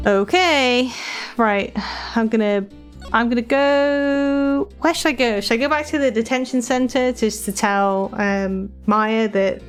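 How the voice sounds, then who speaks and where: A woman streamer chats her way through a game with giggly asides. Her voice sits fairly high and unhurried over soft background music. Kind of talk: casual game-stream commentary.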